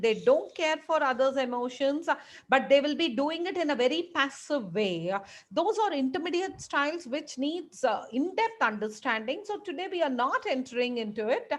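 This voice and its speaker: A woman lecturing a class, explaining with frequent fillers and acting out examples as she goes. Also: high-pitched.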